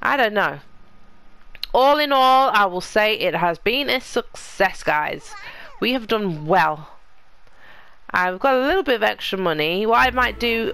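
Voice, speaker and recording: A woman narrates her game in a relaxed, unhurried way, talking straight to the little characters on screen. Her voice has a gravelly fry to it but stays smooth and resonant. She sits at medium pitch. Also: soft background music. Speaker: gaming channel host. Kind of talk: casual let's play commentary.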